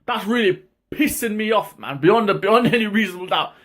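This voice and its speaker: A man hosting his own boxing talk channel, ranting in a heated, casual way, with lots of swearing and sudden high-pitched outbursts. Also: expressive, a little fast, a bit bright. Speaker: boxing commentary vlogger. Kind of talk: casual opinion rant.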